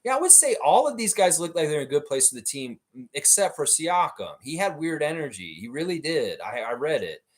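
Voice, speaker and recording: A man's voice: a little high, very animated, brisk. Chatty man reading a live chat. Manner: reads chat messages aloud and riffs on them, laughing often; frequent "in some ways" and "uh" fillers. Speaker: livestream host. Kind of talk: casual live watchalong commentary.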